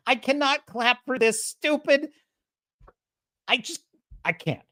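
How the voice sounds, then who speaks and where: A woman's voice: a little high, very animated, slow pace, long pauses, a bit bright, no echo, studio quality. A woman hosting a show, ranting casually and sarcastically, laughing often and doing mocking impressions. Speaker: show host. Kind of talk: casual commentary rant.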